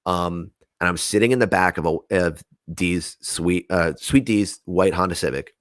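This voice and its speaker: Another story from the young New Jersey guy in casual podcast talk: he's animated, profane, and acts out everyone's voices. He speaks low at a moderate pace, recorded dry.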